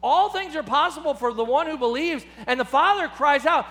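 Male preacher, high bright voice, animated delivery that voices the people he quotes. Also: fairly quick, few pauses. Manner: impassioned, acts out quoted speakers with rising pitch. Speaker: pastor. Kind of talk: sermon.

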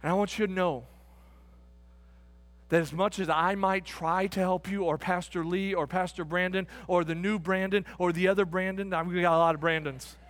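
A man preaching a sermon as pastor, emphatic and repetitive, calling the congregation friends, building to excited shouts and then dropping to a quiet, close tone. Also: sits high, normal speed, no echo. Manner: emphatic, repeats phrases, addresses the congregation as friends. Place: church sanctuary.

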